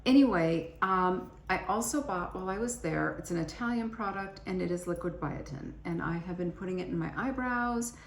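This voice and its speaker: A woman's voice: on the low side, normal speed, few pauses. Chatty middle-aged woman, echoey room. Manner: chatty, rambling, self-deprecating. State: tired and cranky after travel. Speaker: beauty vlogger. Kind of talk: casual chat to camera. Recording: echoey room with faint ambient noise.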